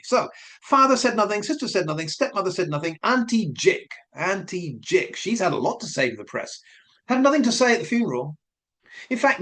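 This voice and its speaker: Animated man musing aloud. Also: high-pitched. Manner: questioning, speculative, repeats points. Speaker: commentary vlogger. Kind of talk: casual spoken commentary.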